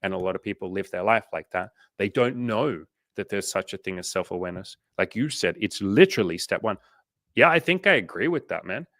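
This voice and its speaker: A man's voice: low voice, animated, brisk, fairly bright tone, no echo. A man hosting a casual livestream coaching chat, swearing casually and animatedly retelling conversations.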